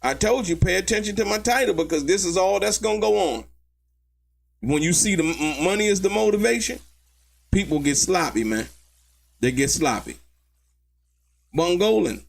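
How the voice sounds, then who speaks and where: Animated, gravelly-voiced male commentary host. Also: high-pitched, normal speed, long pauses. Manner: animated, mocking, laughs often, slangy. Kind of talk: live commentary on court testimony.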